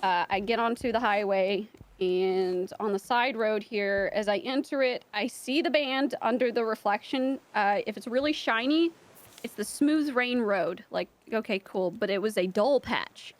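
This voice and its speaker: A woman from around Houston, chatting casually and telling an animated story to friends. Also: mid-range voice, unhurried. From Houston area, United States. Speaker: streaming friend.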